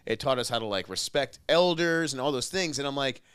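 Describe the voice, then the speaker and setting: A man's voice: medium pitch, expressive, fairly quick, fairly bright tone, clear, resonant tone, no room sound. A man co-hosting a casual podcast chat, talking loosely with plenty of swearing and laughter. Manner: loose and profane, laughs often. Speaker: podcast co-host. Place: house in Austin.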